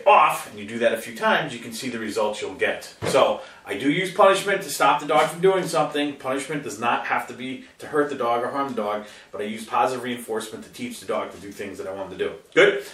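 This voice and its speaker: Animated male dog trainer, roomy sound. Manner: animated, often puts on high voices when quoting dog owners, frequent "okay?". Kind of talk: instructional talk to camera. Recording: roomy sound from a distant mic.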